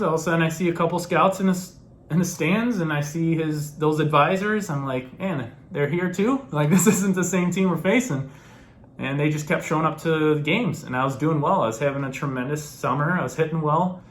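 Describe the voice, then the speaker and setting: Upbeat young man telling a story. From New York. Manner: animated, acts out the other people in the story with raised pitch, laughs often. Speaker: former college baseball player telling his story. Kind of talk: casual storytelling to camera.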